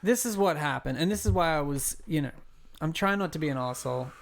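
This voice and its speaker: A man's voice: a little high, quick pace, creaky. Profane man telling a story. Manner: profane, rambling, animated. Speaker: podcast co-host. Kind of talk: casual storytelling.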